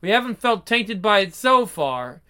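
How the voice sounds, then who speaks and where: An actor playing a proud, hot-tempered young husband who talks in a brusque, streetwise way, in 1940s radio acting. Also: male voice, high-pitched, sing-song, unhurried, bright, forceful tone, clear, resonant tone, heavily acted. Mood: defiant. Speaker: gas station owner, husband.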